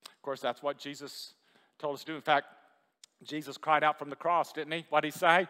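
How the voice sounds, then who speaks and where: A man's voice: a little high, flat delivery, brisk, sharp tone, long reverb tail. A man preaching a sermon to a congregation, chatty and full of questions to the room. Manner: conversational, asks the congregation questions. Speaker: pastor. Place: church hall with a congregation.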